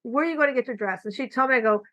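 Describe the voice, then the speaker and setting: A woman hosting a podcast, chatting casually and telling animated stories, acting out quoted lines, recorded with muffled lo-fi audio. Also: high-pitched, rapid-fire. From California. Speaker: podcast host. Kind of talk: casual conversation. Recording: dull lo-fi audio.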